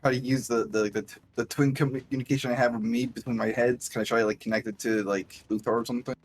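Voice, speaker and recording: A man's voice: medium pitch, steady tone, quick pace, a little hiss or hum. A man playing in a tabletop game, talking in a flustered way that stammers and repeats words. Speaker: player.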